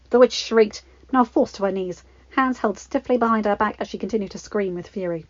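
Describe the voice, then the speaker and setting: A woman reading fan fiction aloud in a steady, expressive storybook narration. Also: mid-range voice, moderate pace, no echo, dull audio.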